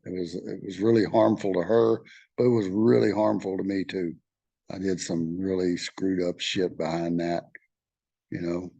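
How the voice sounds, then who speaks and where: A middle-aged Texan man leading a study group, reading aloud and sharing his own experience in a candid, halting way, with many fillers and restarts. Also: low-pitched, level tone, gravelly, warm tone, dry recording, muffled recording. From Texas.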